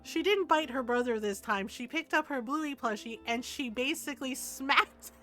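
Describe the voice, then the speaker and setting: An older woman streamer telling a family story in casual chat, animated and laughing often, with frequent asides of "right?". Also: high-pitched, normal speed, faint music behind. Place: home streaming setup.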